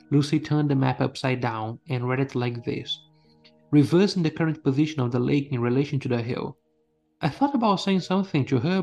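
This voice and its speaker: Male narrator, scripted story reading, steady delivery, faint music underneath. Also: medium pitch. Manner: steady storytelling, first person.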